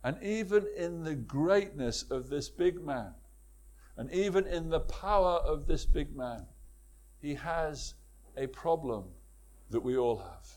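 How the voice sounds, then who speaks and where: Man, preacher, sermon, emphatic, rhetorical questions, slightly high voice. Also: lively intonation, takes it slowly, darkish tone.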